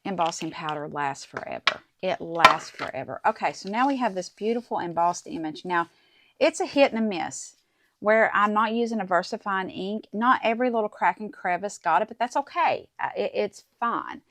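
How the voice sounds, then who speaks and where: A woman's voice: medium pitch, moderate pace, a bit bright, no echo. A middle-aged woman hosting a casual crafting tutorial at her desk, chatting to viewers as she works. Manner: chatty, talks to viewers while working, says "guys" and "okay?". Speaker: crafting channel host.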